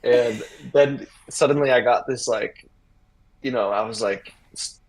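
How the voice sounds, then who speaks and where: A husky man in his thirties, an interview guest telling a rambling story and acting out the people in it. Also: medium pitch, a little slow, a little hiss or hum, poor audio. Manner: rambling, animated retelling with acted-out quotes.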